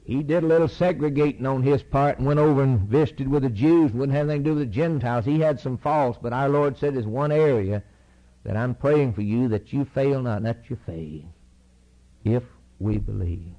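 A man's voice: mid-range voice, brisk, dull audio. A man preaching a sermon, reading scripture aloud and driving points home through repeated phrases.

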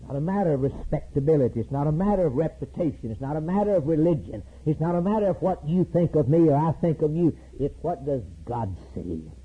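A man preaching a sermon with a raspy voice, rising to loud high climaxes and slowing down for emphatic repeated lines. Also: lively intonation. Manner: preaching with sudden loud high climbs and slow emphatic repetitions. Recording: tinny lo-fi recording.

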